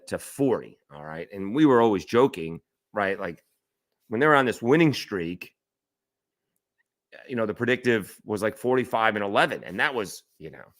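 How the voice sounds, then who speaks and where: Deep-voiced male sports talk host, opinionated, musing over stats mid-sentence, lots of uhs and restarts. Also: a bit bright, no room sound, clean studio sound. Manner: thinking aloud, checking stats mid-sentence, many fillers and restarts; opinionated, rhetorical questions. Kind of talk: solo sports talk commentary.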